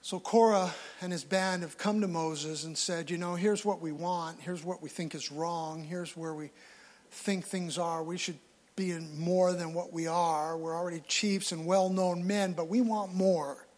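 High-voiced male pastor preaching live. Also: steady tone, unhurried, a little mellow. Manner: storytelling, acts out quoted voices. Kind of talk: live sermon. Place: church hall, live.

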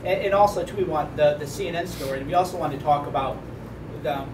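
A man asking interview questions in a relaxed, conversational way. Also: a little high, quick pace, recorded from a distance. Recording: echoey room, voice off-mic with air conditioner hum.

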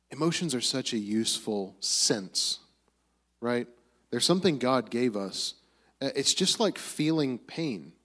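Man, church group teaching, conversational, keeps checking in with the listeners. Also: medium pitch. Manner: conversational, often ends with a tag question. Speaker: Bible study speaker. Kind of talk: casual teaching talk to a group.

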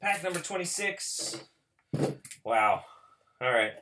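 A man hosting a card pack opening, talking casually and mocking himself, who breaks into excited shouting. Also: a little high, slow pace, noisy background. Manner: chatty and self-mocking, bursts into excited shouting. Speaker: host opening card packs for viewers.

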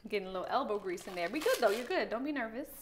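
A woman's voice: medium pitch, animated, racing, noisy background. A young woman cooking in her home kitchen and walking her partner through a recipe with upbeat, teasing coaching. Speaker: host teaching cooking. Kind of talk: casual cooking instruction. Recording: music playing underneath. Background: background music.

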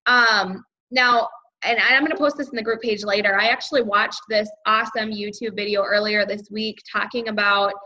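A woman's voice: medium pitch, fairly even intonation, moderate pace, bright, forceful tone. A woman leading a team sales training over a video call, upbeat and chatty with lots of fillers. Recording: dull lo-fi video call audio.

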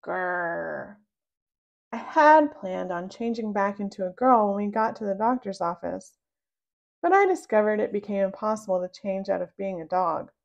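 A woman reading a children's book aloud, narrating slowly and expressively in the first person. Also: medium pitch, darkish tone. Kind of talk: read-aloud storybook narration.

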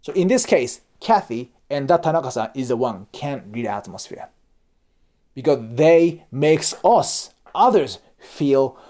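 A man's voice: mid-range voice, big pitch swings, unhurried, dark tone. A Japanese man speaking English with a Japanese accent, hosting a casual explanatory monologue about culture. He talks animatedly, swears casually, and keeps checking in with the viewer. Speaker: YouTube host and cross-cultural lecturer.

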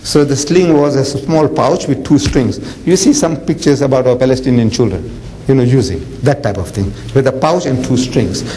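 A man preaching a lecture, animated and jokey, telling stories with acted-out voices. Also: medium pitch, moderate pace, slight background noise, low-quality recording. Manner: animated, jokey, acts out characters. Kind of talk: lecture with dramatic storytelling.

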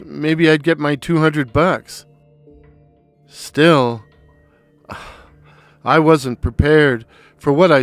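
A man narrating a dark, comic short story in a sardonic, deadpan, deliberate way. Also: a little high, no echo. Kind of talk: dry, wry spoken storytelling.

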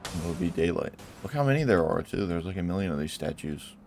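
A man with a deep, low-pitched voice talks through his gameplay in a casual let's-play style. He chuckles often and blurts out surprised exclamations as things happen on screen. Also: animated, fast talker, gravelly, a little mellow, a little hiss or hum. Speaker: gameplay commentator.

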